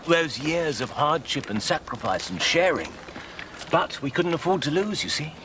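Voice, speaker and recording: A man's voice: fairly high pitch, sing-song, moderate pace, distant mic, background noise. A pompous, fussy father. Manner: pompous, formal. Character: pompous middle-aged man, fussy and stiff. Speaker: pompous father at a street party.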